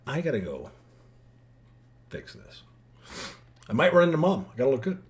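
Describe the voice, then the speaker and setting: Man, vlogging dad, heartfelt rambling monologue to his girls, lively pitch. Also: moderate pace, pauses often. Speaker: father addressing his daughters. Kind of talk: emotional vlog monologue.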